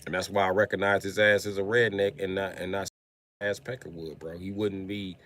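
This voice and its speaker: A man's voice: low voice, level tone, brisk, a bit bright, no echo. A man ranting casually on a livestream, with profane, slangy, streetwise storytelling.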